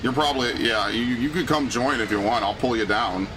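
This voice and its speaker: A man streaming a video game, chatting casually and ranting with lots of swearing, his pitch jumping up when he gets indignant. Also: brisk, noisy background. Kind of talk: casual chat while gaming.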